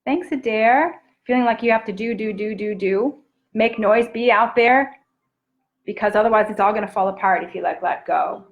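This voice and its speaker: A woman in a mid-range voice gives an earnest, heartfelt talk live to her viewers, picked up by a camera mic. Her tone is intimate and encouraging, and at times it softens almost to a whisper. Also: mid-range voice, moderate pace, narrow, tinny audio. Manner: earnest, intimate and encouraging, often drops to a soft near-whisper. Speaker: self-love coach. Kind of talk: live-streamed motivational talk.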